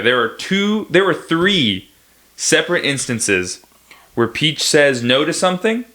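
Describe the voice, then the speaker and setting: A young man co-hosting a casual movie review podcast, wry and joking with quick asides. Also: a little high, sing-song, pushed and bright. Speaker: podcast co-host.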